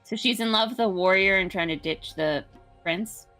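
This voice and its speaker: A woman's voice: mid-range voice, pushed and bright, soft background music. A woman playing a mystery puzzle game with a friend, chatting casually and playfully. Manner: playful, quick to laugh. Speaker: co-player.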